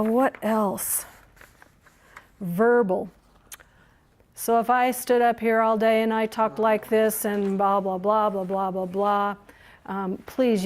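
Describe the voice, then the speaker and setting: Lively, encouraging woman trainer. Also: fairly high pitch. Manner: lively, encouraging, laughs often. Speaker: museum docent trainer. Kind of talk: training workshop talk.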